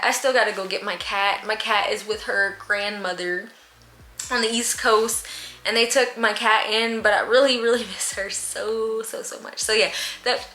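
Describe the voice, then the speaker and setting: A woman's voice: medium pitch, fairly even intonation, normal speed, bright, forceful tone. A young woman vlogging at home, answering viewer questions in a candid, chatty way with slang and laughs. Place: room at home with a fan. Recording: echoey room.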